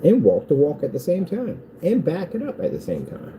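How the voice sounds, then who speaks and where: A man with a high-leaning voice and huge pitch swings speaks at a moderate pace, background noise audible behind him. Vlogging casually and at length from his workshop, where he runs a small business, he mocks the haters in a taunting sing-song.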